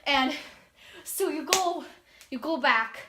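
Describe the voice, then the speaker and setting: A woman with a high voice rambles through a casual recap of a game's story, acting out each character's lines and restarting often. A steady hiss of background noise sits clearly under her voice. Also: takes it slowly. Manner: rambling, acts out quoted lines, frequent restarts. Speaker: gaming channel host.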